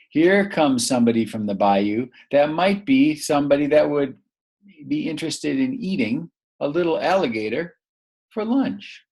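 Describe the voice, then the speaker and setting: Encouraging man reading a picture book. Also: mid-range voice. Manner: slow, encouraging, full of questions. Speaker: teacher.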